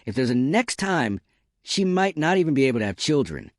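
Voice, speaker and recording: A man's voice: medium pitch, sing-song, fairly quick, no echo, clean studio sound, voice pushed up, natural voice. A man doing a frustrated scolding doctor.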